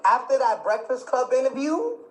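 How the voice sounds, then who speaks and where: A man's voice: extremely high pitch, big pitch swings, moderate pace, poor audio. A man as an interview guest, telling a story in casual talk, repeating dates and acting out what each person said. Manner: emphatic, repeats dates and phrases, acts out quoted dialogue.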